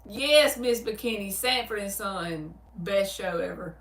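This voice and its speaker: On her livestream, a tarot reader reads viewer comments aloud and replies in a relaxed Southern US accent, quick to laugh and lively in her storytelling. Her mid-range voice is unhurried, and the recording feels roomy because she's well away from the microphone.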